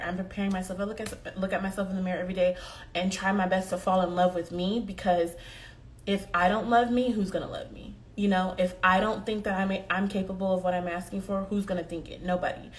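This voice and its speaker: A woman's voice: mid-range voice, a little hiss or hum. A young woman giving a heartfelt motivational talk to her viewers, earnest and often repeating herself as she speaks. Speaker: vlogger.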